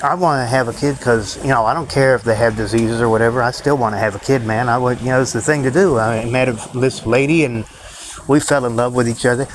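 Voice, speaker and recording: A man's voice: medium pitch, fairly even intonation, fast talker, slight background noise, low-quality recording. A man ranting in a rambling, profane monologue to his own channel, drifting from thought to thought. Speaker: vlogger.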